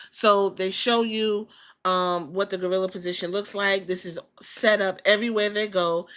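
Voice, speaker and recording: A woman's voice: mid-range voice, fairly bright tone. A woman hosting a podcast, giving a casual, blunt and opinionated review that is laced with casual swearing. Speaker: podcast host.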